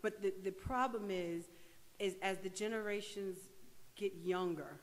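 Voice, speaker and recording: An older woman co-hosting a talk radio show, animated and rising to loud emphasis. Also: medium pitch, measured pace, long reverb tail. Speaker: radio co-host.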